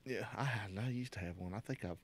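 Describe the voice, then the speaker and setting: A man's voice: lowish voice, quick pace. A man in his thirties co-hosting a casual podcast chat, joking and laughing often. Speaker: podcast co-host.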